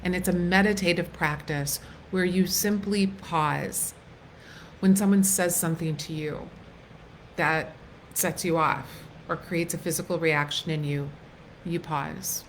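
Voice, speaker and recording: A middle-aged woman coach speaking casually on a live stream, earnest and gentle, with soft pauses and restarts. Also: lowish voice, fairly even intonation, slight background noise, rough recording. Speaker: wellness coach hosting a live workshop.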